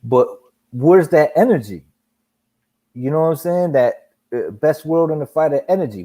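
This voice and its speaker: A young man hosting a loose boxing chat, his voice sitting a little higher than most men's. He talks in an animated, profane way and slips into mocking impressions of others. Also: normal speed, long pauses. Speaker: podcast host.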